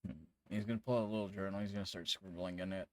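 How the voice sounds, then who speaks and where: A man's voice: low voice, steady tone, racing, a little mellow. A man narrating as game master in a tabletop game, casual and rambling, swearing freely.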